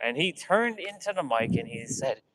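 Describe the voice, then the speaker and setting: A man's voice: on the high side, sing-song, moderate pace, background noise. A man telling stories in a loose, casual way, rambling, restarting sentences and acting out what people said. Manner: rambling, many restarts, acts out quotes. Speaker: vlogger. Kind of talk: casual storytelling.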